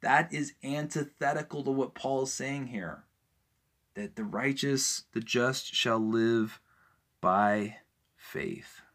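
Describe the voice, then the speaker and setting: A man's voice: medium pitch, slow pace, fairly bright tone. A man preaching with growing fervor, firing off rhetorical questions and hammering each point. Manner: rising to fervent emphasis, rhetorical questions. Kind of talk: impassioned preaching.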